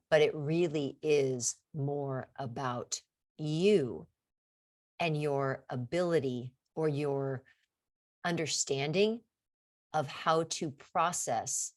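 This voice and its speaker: A middle-aged woman hosting a casual podcast Q&A, earnest and encouraging, often restarting her sentences. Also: sits low. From California. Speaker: podcast host.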